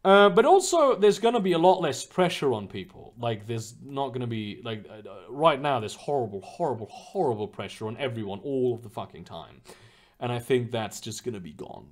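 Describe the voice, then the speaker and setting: A man's voice: mid-range voice, big pitch swings, a little fast. A young man chatting casually on a livestream, answering viewers' questions and rambling with lots of fillers, restarts and swearing. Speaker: streamer answering chat.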